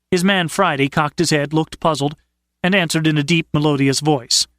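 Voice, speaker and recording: A man narrating an audiobook in a measured, steady storytelling manner. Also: on the high side, dry recording, studio quality. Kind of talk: scripted narration.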